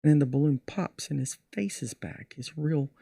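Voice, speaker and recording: A man's voice: a little high, moderate pace, creaky, no room sound, studio quality. A middle-aged man, a magician, telling stories from his show in a casual podcast interview. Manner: animated storyteller acting out his show. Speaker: magician guest.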